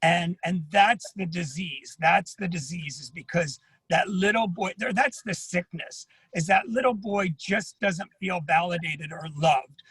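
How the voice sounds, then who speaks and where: A man's voice: sits high, unhurried, few pauses, fairly bright tone, husky, dry recording, low-quality recording. A man speaking as an addiction therapist at an online symposium, earnest and personal, often repeating himself. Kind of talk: panel talk at an online symposium.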